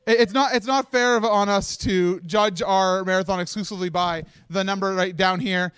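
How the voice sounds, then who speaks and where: High-voiced man giving a tearful speech. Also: fairly even intonation, fairly bright tone, smooth, dry recording. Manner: halting, many restarts, laughs through tears. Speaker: marathon organizer giving closing speech. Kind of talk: emotional live speech. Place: stage set of a charity marathon livestream.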